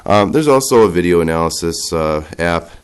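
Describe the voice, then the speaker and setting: A man in his thirties with a nasal, cold-stuffed voice, demonstrating a product casually and haltingly as he works the device. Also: low voice, expressive, clear, resonant tone. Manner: halting, talks while operating a device.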